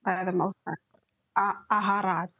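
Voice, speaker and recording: A woman's voice: mid-range voice, fairly even intonation, normal speed, dry recording, highs cut off. A woman with a Tswana accent in a Bible study group, speaking hesitantly and searching for words.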